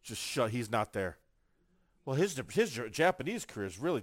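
This man co-hosts a casual chat show, spinning energetic stories and acting out others' lines. His voice is medium in pitch at normal speed, recorded at studio quality with no echo.

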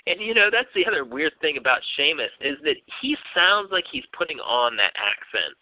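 A man talks through a casual podcast chat at an ordinary pitch, stumbling over restarts and fillers as he thinks out loud. The sound is dry and squeezed narrow, like a phone line. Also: big pitch swings, moderate pace, no echo. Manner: hesitant, many fillers and restarts. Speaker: podcast co-host.

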